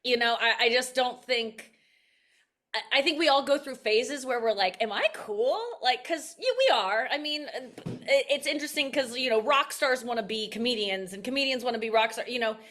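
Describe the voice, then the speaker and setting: A woman's voice: on the high side, normal speed, a bit bright. A woman in her thirties, a comedian, talking candidly and reflectively in a casual interview, often restarting her sentences. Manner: candid and self-reflective, with frequent restarts and laughs. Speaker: comedian guest.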